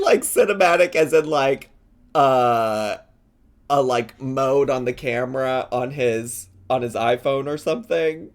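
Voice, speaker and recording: A man's voice: medium pitch, a little slow. A man giving casual reaction commentary, giggly, sarcastic and rambling.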